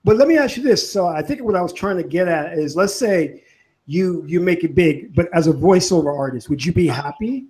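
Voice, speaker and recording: A man's voice: sits high, expressive, a little fast, darkish tone. Man interviewer asking probing questions. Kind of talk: casual interview talk.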